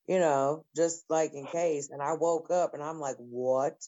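A woman's voice: deep voice, fairly even intonation, moderate pace, dark tone, no room sound. A woman hosting a stream, talking in a blunt, profane casual chat. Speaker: stream host. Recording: dull lo-fi dry sound.

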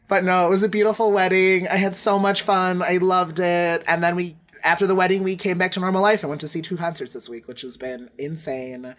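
Young woman, podcast co-host, casual chat, lower-pitched voice, laughs a lot, swears. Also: steady tone, fairly quick, hardly any pauses. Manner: chatty, laughing, swears freely.

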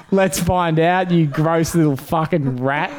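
A man's voice: on the high side, takes it slowly, noisy background. A man with an Australian accent playing a crude, leering nightclub bouncer in improvised comedy, mocking and lewd. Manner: lewd, mocking, laughs at his own insults. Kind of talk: improvised comedy role-play.

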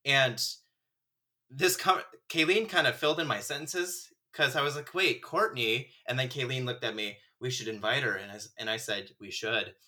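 A man's voice: mid-range voice, moderate pace. A man chatting casually with a friend, telling stories with lots of laughter and acted-out quotes. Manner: animated storyteller, acts out quotes, laughs often. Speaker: friend and fellow actor. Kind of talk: casual chat, reminiscing.

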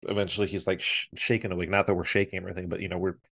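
A man in his thirties tells a family story as a podcast co-host in casual chat, his voice deep, low, gravelly and breathy-edged, and very fast. He's animated, slipping into his relatives' voices, and the sound is dry and close with no room echo.

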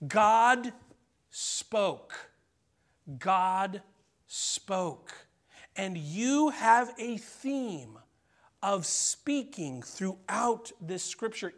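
A middle-aged man delivers a sermon in a high voice. His preaching is conversational, and he keeps checking in with the congregation. He slows down and drops to near-whispers for key phrases. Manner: conversational preaching, frequent "okay?" check-ins, dramatic pauses and soft drops. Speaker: pastor.

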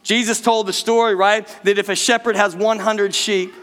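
A middle-aged pastor delivers his sermon in a high, light voice. He preaches in a loose, conversational way, calling out to the church again and again. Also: level tone, normal speed, a bit bright. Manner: conversational preaching with repeated direct address to the church.

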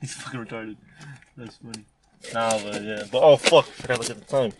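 A man's voice: medium pitch, fairly quick, slight background noise. A young man co-hosting a podcast, joking and swearing loosely, recorded on a phone. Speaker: podcast co-host. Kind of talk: casual chat.

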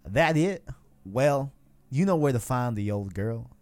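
Guy doing a grumpy old man voice, gruffish, kinda raspy, bounces around a lot. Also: mid-range voice, lively intonation, measured pace, dry recording, lightly acted. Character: gruff old male stable keeper, grumpy.

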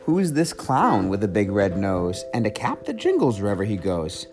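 A young man, a parent, reading a picture book aloud to his child in an animated, sing-song way and asking her questions. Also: fairly low pitch, normal speed. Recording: music playing underneath. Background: music.

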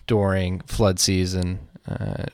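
A man from Philadelphia co-hosting a podcast, talking through the news in a relaxed, rambling way and swearing casually over a remote call. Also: sits low, slow pace, no room sound. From Philadelphia, USA. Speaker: podcast co-host.

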